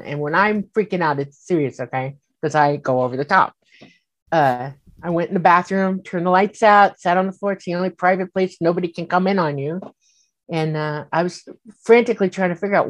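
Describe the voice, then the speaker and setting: Lively woman telling a story, low voice. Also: normal speed. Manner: animated, acts out quoted voices, frequent fillers. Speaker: guest recounting an experience. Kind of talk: casual storytelling.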